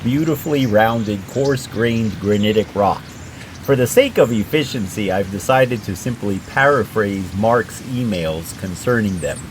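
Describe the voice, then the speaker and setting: A man with a lowish voice reads a prepared script over footage in a measured, explanatory tone. A faint hum of background noise sits under his steady voice-over. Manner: measured, careful, explanatory delivery. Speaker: rock collector and channel host.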